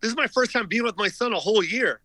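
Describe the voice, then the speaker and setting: A man's voice: sits high, fast talker, no room sound, low-quality recording. A middle-aged man, a comedian guest, telling stories in casual chat with lots of filler words. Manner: animated storyteller, many filler words.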